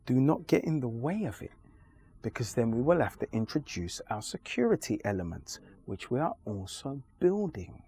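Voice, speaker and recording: A man being interviewed, arguing his points in a forceful, lecturing way with deliberate pauses. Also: mid-range voice, big pitch swings, creaky. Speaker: interview guest. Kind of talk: emphatic conversational argument.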